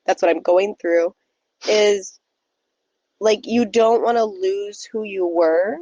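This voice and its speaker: A woman's voice: mid-range voice, takes it slowly, dark tone, dry recording, highs cut off. A woman co-hosting a casual podcast, speaking earnestly and supportively. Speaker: podcast co-host.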